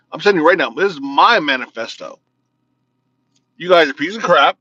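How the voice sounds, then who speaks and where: A man's voice: a little high, bright, forceful tone, dry recording, dull audio. A man from Illinois hosting his own video show, talking in a blunt, joking, ranting way, with slightly slurred, mumbly speech. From United States, Illinois. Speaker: vlog host. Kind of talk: casual political rant to camera.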